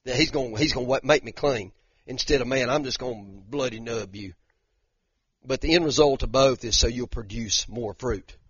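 An older man, teaching a conversational sermon as a pastor in a folksy, animated way that rises to emphatic bursts. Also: medium pitch, husky, dry recording, muffled recording. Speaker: pastor teaching a Bible study.

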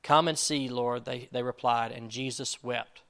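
A pastor preaches casually and conversationally, using fillers, reading scripture aloud and acting out what the people in it might have said. His voice is medium-pitched, steady, and fairly bright, at a measured pace.

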